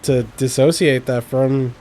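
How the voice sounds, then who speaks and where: A man's voice: mid-range voice, steady tone, measured pace, warm tone. A man chatting casually over gameplay, teasing his friend, swearing and laughing often. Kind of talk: casual chat while gaming.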